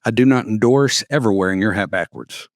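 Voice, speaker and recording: Deadpan man, podcast co-host. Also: fairly low pitch, brisk, dry recording, studio quality. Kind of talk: casual comedic chat.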